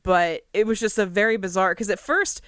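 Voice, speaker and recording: Young woman, dry and wry, smooth voice. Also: medium pitch, a little fast, no room sound. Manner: wry, dry, deadpan commentary. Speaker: podcast co-host. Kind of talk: casual chat reviewing a movie.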